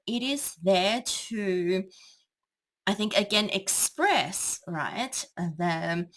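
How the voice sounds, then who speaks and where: A woman's voice: mid-range voice, a bit bright. A woman tutor explaining a speech to students in a thoughtful, hesitant way. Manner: thoughtful, hesitant with many ums. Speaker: English tutor.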